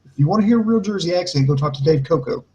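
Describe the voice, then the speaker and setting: A man's voice: on the high side, expressive, very fast, warm tone, muffled recording. A man giving a heated, mocking wrestling show review in casual podcast talk, ranting and mimicking the people he criticizes.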